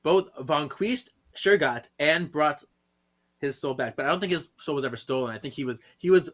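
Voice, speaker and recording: A man's voice: a little high, normal speed, fairly bright tone. A man on a podcast panel chatting casually as he recaps a comic, laughing often and reading its dialogue aloud.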